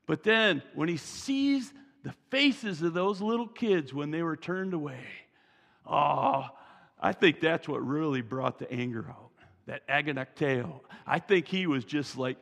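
A male pastor preaching a lively sermon, slow and drawn out, acting out the scene with loud voices. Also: on the high side, creaky. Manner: slow, drawn-out delivery with big swings in loudness. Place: church sanctuary. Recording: long reverb of a large church hall.

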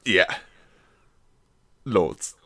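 A man's voice: extremely slow, fairly bright tone. A man in a casual podcast chat, bantering and swearing freely. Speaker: podcast co-host.

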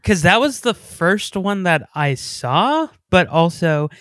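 A man's voice: high-pitched, big pitch swings, slow, a bit bright, dry recording, studio quality. A man co-hosting a comedy podcast in casual chat, joking and riffing. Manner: jokey, sings and riffs. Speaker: podcast co-host.

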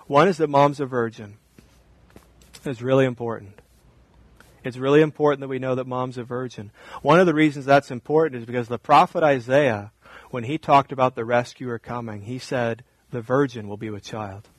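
A man preaching a sermon, animated, swinging between loud emphatic lines and quiet asides. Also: medium pitch, no room sound. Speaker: pastor.

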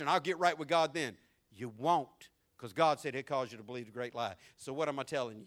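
A man preaching a sermon as pastor, swinging between loud, raised lines and hushed, low ones, folksy and conversational with the congregation. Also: animated, a little fast. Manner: preaching with sweeping shifts between shouted and hushed delivery.

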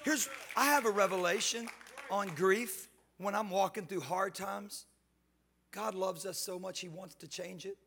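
A male guest pastor preaching a sermon in church, animated and joking, with casual slang. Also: high voice, measured pace, a little hiss or hum. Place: church sanctuary.

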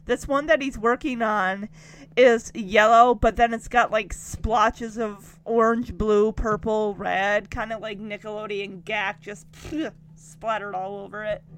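A woman's voice: mid-range voice, fairly even intonation, measured pace, a bit bright, a little hiss or hum. A woman giving a chatty, giggly recap of a TV episode, quoting the characters as she goes. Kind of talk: casual recap commentary.

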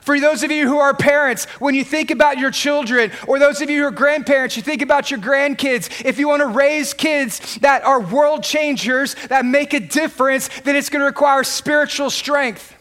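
A middle-aged pastor preaches in a very high voice, driving his points home through repetition. He builds to shouted peaks and leans hard on every phrase. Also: fairly even intonation, normal speed, hardly any pauses. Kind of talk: sermon.

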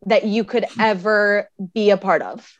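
A woman from Wisconsin, a guest telling lively, animated stories in casual chat. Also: medium pitch, unhurried, no echo, lo-fi sound. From Wisconsin, near the Minnesota border.

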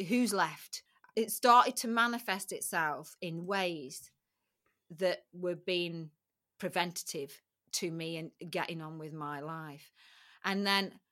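A middle-aged woman talks candidly as an interview guest. Her voice is bright and carries force, even in hard passages. She tells her story plainly and emotionally, with repeated phrases. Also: lowish voice. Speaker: podcast guest.

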